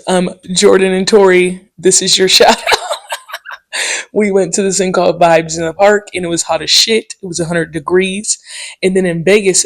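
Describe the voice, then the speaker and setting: A woman hosting her own podcast, telling stories in a loose, slangy and profane way, with lots of "um" and "okay?" asides. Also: fairly low pitch. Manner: animated, with quick asides and mimicked quotes. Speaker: podcast host. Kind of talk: casual solo podcast storytelling.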